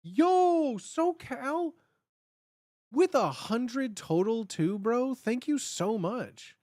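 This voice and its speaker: A lively-voiced livestream host in his or her thirties from the Chicago area chats casually from home, drawing out words. The delivery is animated and rambling, full of fillers and restarts, with sudden high bursts when acting out cheering, on a dry, studio-quality recording.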